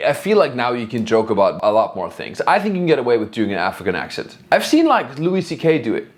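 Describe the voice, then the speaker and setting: A German-accented man reacts to comedy clips in a joking, playfully defensive way. His mid-range voice swings widely, leaping high for emphasis. The delivery is casual commentary. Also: wildly swooping pitch, quick pace.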